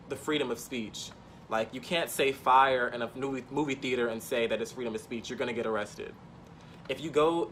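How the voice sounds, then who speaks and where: A man's voice: mid-range voice, a bit bright, slight background noise. A man telling a personal story in an emphatic, impassioned way, repeating points for stress.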